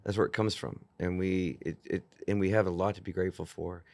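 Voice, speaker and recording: A man's voice: low-pitched, brisk, creaky, dry recording. A man in his fifties, a worship singer-songwriter telling stories earnestly in an interview, often restarting his sentences. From Texas. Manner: earnest, animated, with frequent restarts. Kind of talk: storytelling in an interview.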